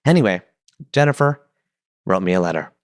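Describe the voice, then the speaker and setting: A man's voice: mid-range voice, big pitch swings, fairly quick, no room sound. A man hosting a podcast, chatting enthusiastically with playful asides into a close mic. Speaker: podcast host. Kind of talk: casual podcast monologue.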